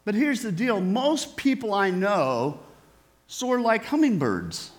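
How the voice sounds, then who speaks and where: A male preacher with a notably high voice delivers a sermon at a slow, unhurried pace. He talks conversationally and keeps turning to his listeners with questions. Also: big pitch swings. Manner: conversational, asks the audience questions.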